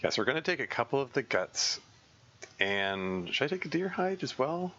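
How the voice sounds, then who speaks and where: A man streaming a survival game, talking through his plans in a halting way full of fillers and restarts. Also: mid-range voice, big pitch swings, sharp tone, lo-fi sound. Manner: halting, thinking aloud with many fillers and restarts. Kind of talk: casual live gameplay commentary.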